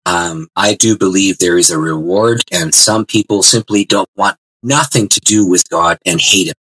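Male interview guest, bright husky voice, animated storyteller with restarts. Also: deep voice, normal speed, no echo, low-quality recording. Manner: animated testimony with many restarts. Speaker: guest author.

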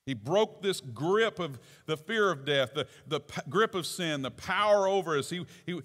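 A male pastor delivers an animated sermon in a church sanctuary, his slightly high voice moving at an unhurried pace. He swings between soft asides and shouted exclamations, and the recording carries a long church reverb.

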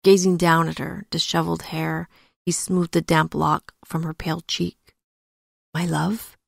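A woman hosting a storytelling podcast, narrating and commenting in a measured, reflective way. Her voice is low and gravelly, recorded close and dry. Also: little pitch movement, no echo.

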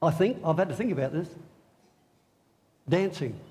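A man's voice: a little high, normal speed. A middle-aged man preaching an Easter sermon in a church, joking and drawing the congregation in. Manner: animated, joking, talks with the congregation. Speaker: pastor.

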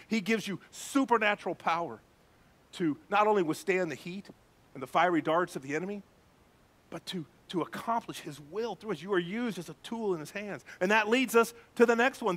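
A male pastor preaches with animated emphasis and often addresses the congregation directly. His voice sits high for a man. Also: normal speed. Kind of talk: sermon.

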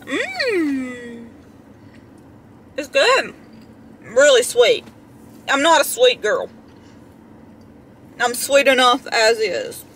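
A young woman vlogging from her car with a high, sparkly voice that sits well above the usual. She rambles in a chatty, self-deprecating way, full of fillers. Faint car hum sits behind her. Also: big pitch swings, extremely slow, pauses often, a bit bright. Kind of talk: casual vlog chatter. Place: inside a parked car in a drive-thru line. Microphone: handheld camera close up.

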